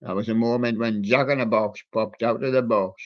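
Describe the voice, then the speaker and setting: A man's voice: medium pitch, normal speed, few pauses. A man hosting a music show who reels off records and years in a loose, chatty way, slipping puns in between. His voice sits in a middle range and comes through a dull, lo-fi recording. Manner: rambling, wordplay on song titles. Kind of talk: casual record-show chat.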